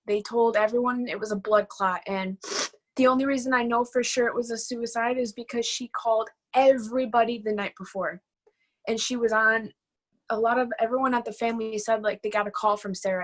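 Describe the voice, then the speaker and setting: Young woman, about 19, interview guest, casual chatty delivery, lots of "like". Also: on the high side. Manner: casual, filler-heavy speech with frequent "like". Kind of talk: personal storytelling interview.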